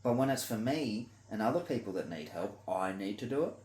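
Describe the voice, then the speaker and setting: An indignant Australian man rants to camera, sweary and blunt. His pitch swings widely from high exclamations to low grumbles. The room around him rings with echo. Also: lively intonation, fairly quick, darkish tone. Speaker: vlogger. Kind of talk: ranting monologue to camera.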